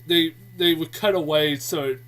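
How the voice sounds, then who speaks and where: A man's voice: fairly high pitch, steady tone, normal speed, fairly bright tone. A man giving a casual spoken movie review, rambling with lots of fillers and restarts. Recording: voice a bit distant from the mic.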